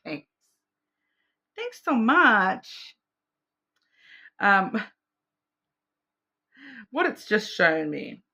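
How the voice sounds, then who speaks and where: An Australian woman talks through an intuitive card reading into a close mic. Her voice sits at an ordinary mid pitch, and she rambles along with many ums, restarts and side remarks. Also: sing-song, extremely slow, gravelly, long pauses, bright, forceful tone. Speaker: card reader.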